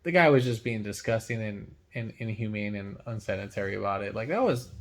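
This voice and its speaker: A young man, a mechanic, casually telling a story in loose slang, animated and laughing, with big swings between loud and quiet. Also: fairly low pitch, brisk. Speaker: mechanic and channel host.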